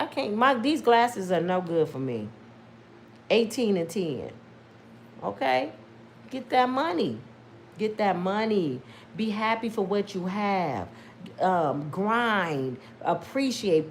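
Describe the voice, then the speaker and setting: Animated woman chatting casually on a livestream. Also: on the high side, slight background noise. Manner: animated, preachy, laughs loudly. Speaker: YouTube host.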